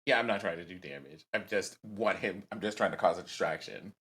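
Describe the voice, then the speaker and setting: A man playing a tabletop game who talks hesitantly, with many pauses and ums. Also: sits low, a bit bright. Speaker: player.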